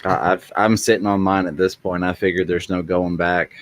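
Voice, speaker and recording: A man in laid-back casual podcast chat, wry and relaxed. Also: sits low, normal speed.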